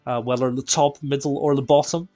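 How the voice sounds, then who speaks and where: A man from Northern Ireland with a mixed Northern Irish accent, hosting a game live stream in casual chat, greeting viewers by name, tired and quieter than usual. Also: mid-range voice, steady tone, a little fast, soft background music. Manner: chatty, greets viewers by name, self-deprecating. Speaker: live-stream raid host.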